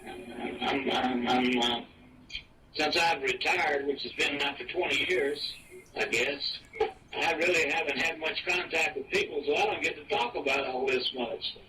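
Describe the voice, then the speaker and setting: A man in his eighties from Virginia, reminiscing casually and haltingly, stumbling and repeating words with many fillers. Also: on the high side, a loud crowd. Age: 80s. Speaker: retiree interviewed in an archive recording. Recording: distant mic with clear noise in an old home recording.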